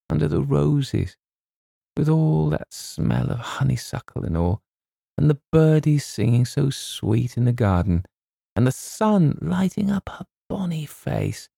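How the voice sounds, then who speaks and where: A man voicing a gruff Scottish literary agent who turns sentimental, with a rolling burr and a deep, gravelly voice. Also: big pitch swings, a little slow, warm tone, no room sound, studio quality, full character voice. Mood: tearful. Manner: gruff then tearfully gushing, rolling burr.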